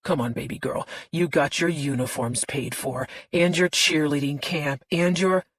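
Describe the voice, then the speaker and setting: Lady reading a manipulative middle-aged guy, brushes her off, low and breathy, dry. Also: a little slow, no room sound. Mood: taunting. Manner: coaxing, dismissive. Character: manipulative middle-aged man, flip and controlling. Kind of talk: audiobook character voice.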